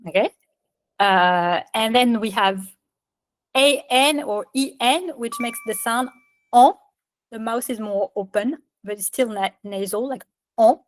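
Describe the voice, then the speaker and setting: A woman's voice: fairly high pitch, measured pace, dry recording. Chatty woman teaching pronunciation. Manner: chatty, filler-heavy, laughs at French spelling. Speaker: French instructor. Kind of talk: casual online lesson.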